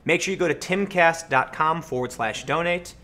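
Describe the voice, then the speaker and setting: An American man hosting a livestream, answering chat questions and telling stories in a casual, animated way. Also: a little high, normal speed. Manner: animated storytelling, acts out voices in anecdotes. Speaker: livestream host.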